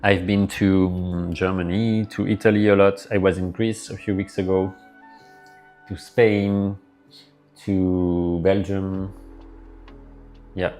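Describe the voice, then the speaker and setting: A man's voice: sits low, level tone, slow, pauses often, darkish tone. Give me a man with a French accent, rambling casually as a live streamer, with faint music in the background. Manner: rambling, answers chat messages aloud.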